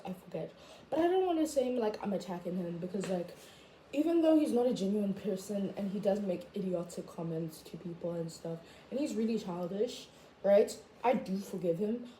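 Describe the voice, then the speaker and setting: A woman's voice: mid-range voice, slight background noise. Chatty teen girl ranting, echoey room. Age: teens. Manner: chatty, animated, full of "like" fillers. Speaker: vlogger. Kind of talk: casual rant to camera. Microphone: camera or phone mic.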